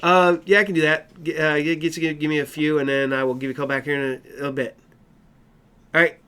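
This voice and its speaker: A man's voice: on the high side, little pitch movement, brisk, fairly bright tone, clean tone. A man co-hosting a casual podcast, talking loosely with lots of fillers and restarts. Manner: rambling, many fillers and restarts. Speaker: podcast co-host. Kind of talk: casual chat.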